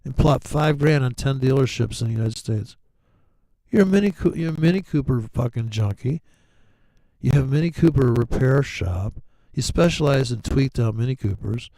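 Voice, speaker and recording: Middle-aged man, loose profane raconteur, warm dark voice, no room sound. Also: medium pitch, moderate pace, dry recording, low-quality recording. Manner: rambling, profane, laughs often, acts out others' lines. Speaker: forex trader telling stories. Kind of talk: casual storytelling.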